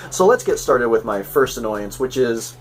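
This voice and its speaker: This man hosts a relaxed episode review, chatting loosely and often starting sentences over. He speaks at medium pitch and a moderate pace with plenty of expression, sounding slightly distant from the mic as faint music plays.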